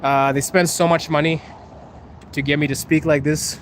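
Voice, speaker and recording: A young man from Zimbabwe talks on a night street livestream, his English leaning slightly American. His voice sits a little high for a man and keeps breaking into easy laughter. Faint traffic hums behind him. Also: flat delivery, normal speed. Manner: chatty, laughs often, playful. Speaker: livestream host. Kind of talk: casual livestream chat reading comments. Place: outdoors on a city street at night.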